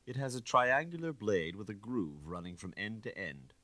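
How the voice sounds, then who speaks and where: Guy reading a hard dry old-school inspector, firm and exact, loud and pushy, audiobook. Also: on the low side, very animated, normal speed, no room sound, pitched above the performer's own voice. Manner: firm and precise, pressing.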